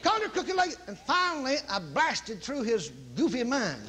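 High-voiced animated male preacher. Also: moderate pace, very noisy. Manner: animated, shouts repeated commands. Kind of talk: sermon storytelling.

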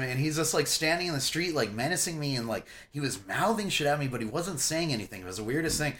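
A man telling a long casual story with lots of swearing, getting loud and high when he quotes himself yelling. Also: quick pace. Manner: profane, animated, loud when quoting himself. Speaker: podcast guest.

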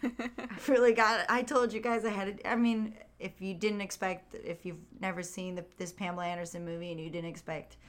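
Talking a little fast at a medium pitch, this woman co-hosts a podcast and reviews a movie in casual chat. She animatedly re-enacts scenes as she retells them, using put-on quotes.

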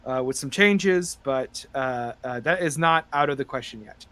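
With a medium pitch and a normal speaking speed, a man narrates and chats as the game master of a tabletop podcast, rambling with lots of fillers and getting excited. There's no room sound.

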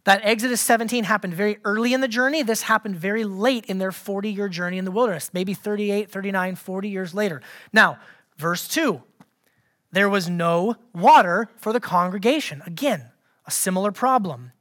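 A woman's voice: medium pitch, moderate pace, fairly bright tone. Sarcastic woman preacher reading dramatically. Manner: dramatic voicing of quoted lines, sarcastic asides. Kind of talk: sermon with scripture reading.

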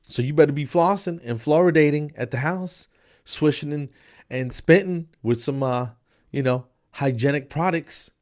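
A man's voice: fairly high pitch, normal speed, a little mellow. A man hosting his own podcast in a casual solo chat, rambling and joking with lots of fillers, a bit nasal and stuffy from allergies. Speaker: podcast host. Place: spare room downstairs.

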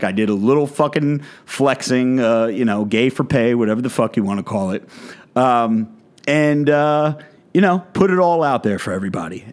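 A man's voice: medium pitch, darkish tone. A man, a fitness content creator, delivering a blunt, profane rant in a vlog monologue.

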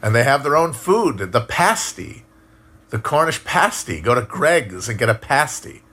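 A man casually talking on a live stream and answering chat, musing out loud, swearing now and then, with frequent restarts. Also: mid-range voice, big pitch swings, unhurried, husky. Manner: rambling, musing, profane, many restarts.

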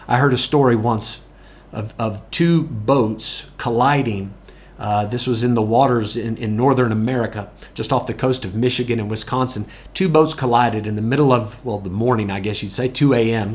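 Earnest male preacher telling a story. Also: mid-range voice. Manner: earnest storytelling, repeats key phrases for emphasis. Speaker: pastor. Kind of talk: sermon.

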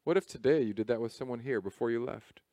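A man preaching a sermon as pastor, in a lively, conversational way with jokes. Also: mid-range voice, fast talker, dry recording, studio quality. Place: church service.

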